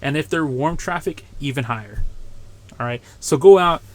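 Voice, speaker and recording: A man's voice: expressive, normal speed, dry recording. A man hosting his own marketing show, giving solo instructional talk in a coaching tone that keeps checking in with "right?" and "okay?", and lifting his voice to stress key points. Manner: punches up key points with louder, higher bursts. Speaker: marketing podcast host.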